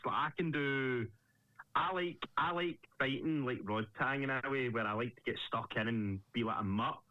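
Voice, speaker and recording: Young scottish guy, lively storyteller, swears a lot, mid pitch. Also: normal speed, no echo, dull audio. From Scotland. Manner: animated storyteller, swears freely. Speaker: Muay Thai fighter, guest. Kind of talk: casual interview chat.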